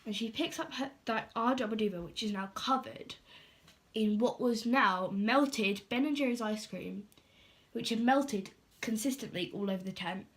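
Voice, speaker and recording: A woman's voice: on the high side, moderate pace. A teenage girl, telling a storytime vlog in a chatty, filler-heavy way and acting out what people said.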